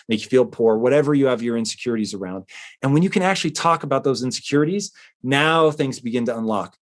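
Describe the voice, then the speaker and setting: Male talk-show host, mid-pitched, casual and earnest, explaining with lots of fillers. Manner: conversational, with frequent fillers and restarts. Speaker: host answering a listener letter.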